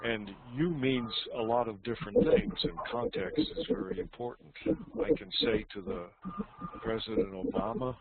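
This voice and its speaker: A man's voice: mid-range voice, big pitch swings, normal speed, vocal fry. A man teaching an online English lesson, explaining at length and often repeating his phrases. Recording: tinny phone-like line with loud noise.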